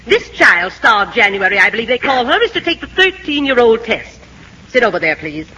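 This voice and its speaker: A stern, prim schoolmistress in a vintage film. Her speech is formal and clipped, with a lively rise and fall. The voice is bright and a bit husky. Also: a little high, brisk, exaggerated voice, rough recording. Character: prim, strict middle-aged schoolmistress. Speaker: teacher. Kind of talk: 1940s film acting.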